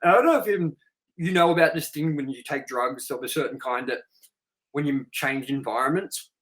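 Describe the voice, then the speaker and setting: A man's voice: fairly high pitch, a little fast, a little hiss or hum, rough recording. A man hosting a casual podcast, telling stories frankly, swearing freely and acting out what people said. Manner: candid, profane storytelling; animated, acts out quoted voices. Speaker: podcast host.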